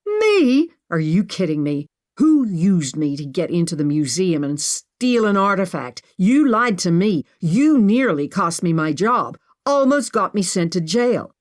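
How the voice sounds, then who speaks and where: A woman's voice: lowish voice, expressive, a little slow, hardly any pauses. A woman narrator voicing a defensive, sarcastic young woman who snipes in a raised voice.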